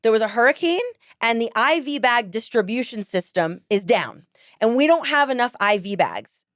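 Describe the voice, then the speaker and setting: Podcast host, woman, casual storyteller; slightly high voice, close dry mic, lively and quick to laugh. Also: no room sound. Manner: animated, laughs often, quotes people in voices.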